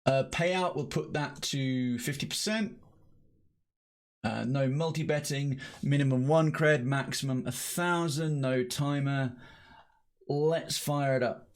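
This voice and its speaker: A man's voice: mid-range voice, a little slow. A man streaming a video game, rambling casually through his commentary and swearing now and then. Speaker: gaming streamer.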